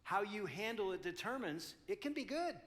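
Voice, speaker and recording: An older man in his sixties gives a conference talk, spinning an animated, self-deprecating story. His voice sits high for a man and rings bright and forward. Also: normal speed. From United States. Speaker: conference speaker. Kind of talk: storytelling talk to a live audience.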